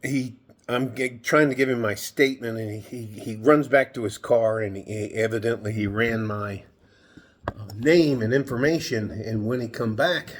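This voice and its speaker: A man's voice: mid-range voice, moderate pace. A man telling a story to the camera in a rambling, casual way, laughing often and swearing now and then. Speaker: vlogger.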